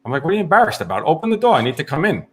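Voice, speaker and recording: A man's voice: mid-range voice, very animated, rapid-fire. A man, a firefighter co-hosting a podcast, rambling through a story and acting out the quotes. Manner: rambling, laughs mid-story, acts out quotes. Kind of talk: casual chat, storytelling.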